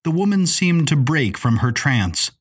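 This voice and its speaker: A man reading a novel aloud as narrator, in a measured, descriptive way. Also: fairly high pitch, very animated, slightly rough. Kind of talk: scripted audiobook narration.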